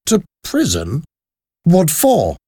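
A man's voice: medium pitch, very animated, measured pace, darkish tone, dry recording, clean studio sound, voice pushed up. A man voicing a frightened young male aristocrat who pleads his innocence in a storybook reading. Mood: pleading. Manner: anxious, protesting.

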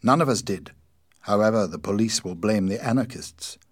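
A man's voice: lowish voice, moderate pace, dry recording, clean studio sound, natural voice. A man doing an indignant, agitated anarchist. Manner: urgent, indignant, pressing. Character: agitated, angry male anarchist.

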